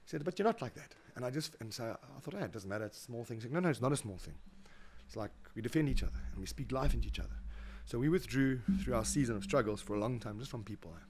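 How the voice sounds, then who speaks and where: Fast-talking South African man, animated. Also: mid-range voice, slight background noise. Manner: animated, acts out quoted voices, repeats words. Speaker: guest, motivational speaker. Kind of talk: casual interview storytelling.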